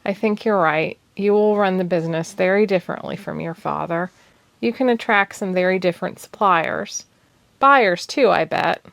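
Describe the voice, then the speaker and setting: A woman's voice: on the low side, gravelly, a bit bright, dry recording. A woman voicing an earnest young village witch.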